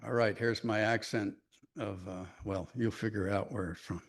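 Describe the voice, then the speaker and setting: A man's voice: fairly low pitch, fairly even intonation, moderate pace. A man reading his own humorous poems to an audience, with a dry, wry delivery and asides to the listeners. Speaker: poet reading his work.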